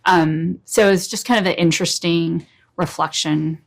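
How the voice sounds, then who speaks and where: A woman from the United States speaking as an interview guest in a thoughtful, measured way. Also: on the low side, fairly even intonation, vocal fry. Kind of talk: casual interview talk.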